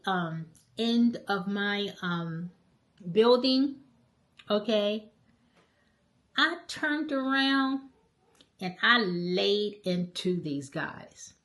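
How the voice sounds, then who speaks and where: Middle-aged woman, travel vlogger, animated storyteller, emphatic, mid-pitched voice. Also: extremely slow, long pauses. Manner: animated, emphatic retelling with frequent "okay?" check-ins. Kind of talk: casual storytelling to camera.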